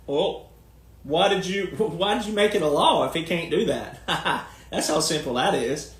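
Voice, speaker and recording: A man's voice: on the high side, moderate pace, fairly bright tone, echoey room. A man talking in a long, casual monologue, folksy and emphatic, firing off rhetorical questions. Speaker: commentator and speaker.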